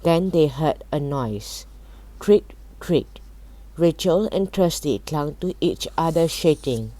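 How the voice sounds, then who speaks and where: A woman reading a children's chapter book aloud in a calm, even way. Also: low-pitched, measured pace, dry recording. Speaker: storybook reader. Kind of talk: storybook read-aloud.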